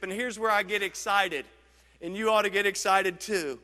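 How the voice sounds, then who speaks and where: A man's voice: high-pitched, fairly even intonation, sharp tone, in a large hall. A man preaching a sermon as pastor, emphatic, stretching out key words. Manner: emphatic preaching, drawn-out stresses.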